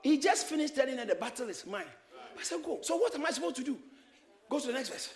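A man preaching a sermon, shouting and exhorting his congregation in call-and-response. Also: very high-pitched, very animated, fast talker. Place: church hall with congregation. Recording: echoey church hall, crowd behind.

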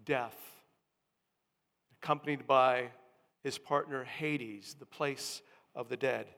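A man's voice: medium pitch, steady tone, slow, gravelly, bright, forceful tone. A male pastor preaching a sermon, teaching steadily and building emphasis on key words. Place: church. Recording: long reverb of a church hall.

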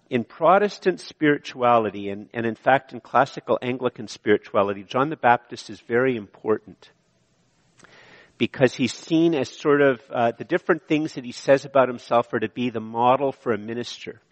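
In a church, a male pastor preaches conversationally, repeating phrases and making asides to the congregation. His voice is mid-range, trailing a long reverb tail.

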